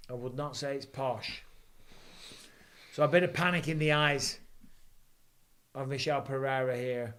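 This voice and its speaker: A man, hosting a live fight watch-along and calling the action with rising excitement. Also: medium pitch, a little slow, long pauses. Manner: excitable, rising for big moments. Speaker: host. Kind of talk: live fight commentary and chat.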